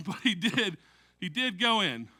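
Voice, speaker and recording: A man's voice: high voice, very animated, slow pace, sharp tone. A man preaching a sermon in a conversational way, joking and often checking in with "right?" as he talks. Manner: conversational preaching with jokes and frequent "right?" asides. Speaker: pastor.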